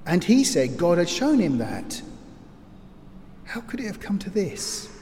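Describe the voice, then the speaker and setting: A man's voice: sits high, sing-song, measured pace, mellow, voice pushed up. A man voicing a grieving male disciple at the crucifixion, speaking as an anguished, questioning inner monologue. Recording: long hall reverb, faint ambient noise.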